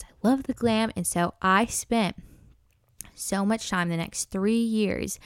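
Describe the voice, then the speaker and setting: A woman's voice: on the low side, vocal fry, dry recording. Earnest chatty young woman, dry sound. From North Dakota. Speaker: podcast host. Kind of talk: casual storytelling.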